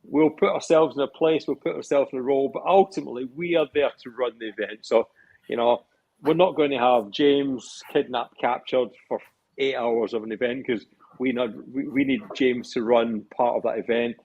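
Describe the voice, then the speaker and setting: Guy, husky, rambling podcast chat, lots of restarts. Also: mid-range voice, steady tone, moderate pace, a little mellow, highs cut off. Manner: rambling, repeats words when starting sentences. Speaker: event organizer on a podcast. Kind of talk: casual chat.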